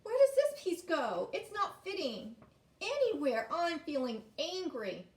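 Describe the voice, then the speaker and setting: A woman voicing an excitable little girl who gets frustrated easily, speaking high and eager in a storybook read-aloud. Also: normal speed, reverberant, far from the mic, slight background noise, close to an everyday voice.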